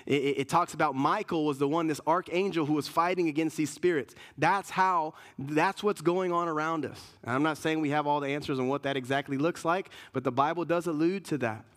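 A man with a high-pitched voice delivers a sermon as a pastor. He speaks earnestly and with emphasis. He often repeats words and restarts his sentences mid-thought. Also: brisk, hardly any pauses, a bit bright.

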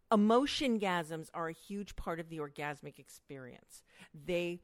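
Middle-aged woman educator chatting, lowish voice, acts out little quotes, dry room. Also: no room sound. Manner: expressive, acts out quotes with big pitch jumps. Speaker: sex educator guest. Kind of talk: animated interview conversation.

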